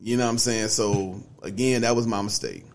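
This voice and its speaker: On a podcast, a young male co-host recounts a long story from his own life in an easygoing way, leaning on fillers like "you know what I'm saying." His voice sits lowish and sounds animated, delivered a touch quickly.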